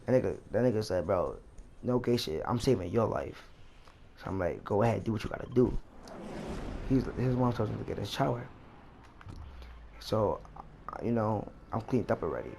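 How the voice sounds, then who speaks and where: A man's voice: lowish voice, lively intonation, normal speed, gravelly, pauses often, dark tone, slight background noise. A young man vlogger telling a rambling, slangy story as he plays a game. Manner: rambling, slangy, repeats himself. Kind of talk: casual storytime while gaming.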